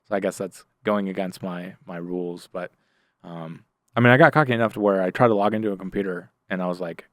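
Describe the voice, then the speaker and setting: A man's voice: deep voice, quick pace, dry recording, clean studio sound. A middle-aged man, a guest on a podcast, telling war stories in casual talk, acting out the people he quotes. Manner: animated, acts out the voices of people in his stories; many fillers and restarts. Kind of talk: casual storytelling in a podcast interview.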